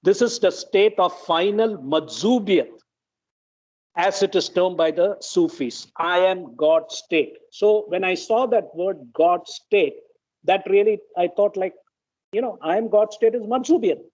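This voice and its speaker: A man's voice: high-pitched, measured pace, darkish tone. A man, reading and arguing emphatically in an online study group, often saying "okay". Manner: emphatic, apologetic, repeats "okay". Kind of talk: heated group discussion and reading. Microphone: video call. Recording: dull lo-fi video call audio.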